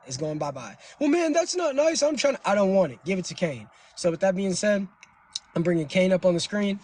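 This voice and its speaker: A man hosting a livestream, lecturing his viewers in a slangy, preachy way. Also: high-pitched. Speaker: livestream host. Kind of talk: casual livestream talk.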